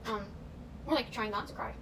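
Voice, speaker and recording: A woman's voice: a little high, brisk, vocal fry. A young woman chatting casually as she bakes in her home kitchen, self-mocking and dropping bits of show tunes. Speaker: vlogger. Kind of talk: casual baking vlog chat. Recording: distant camera mic with noise.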